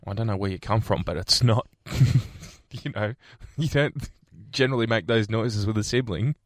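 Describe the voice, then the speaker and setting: A man's voice: lowish voice, moderate pace, no echo, clean studio sound. A man co-hosting a morning radio show, joking and teasing in casual banter with frequent laughs. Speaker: radio host. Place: radio studio. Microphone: studio microphone.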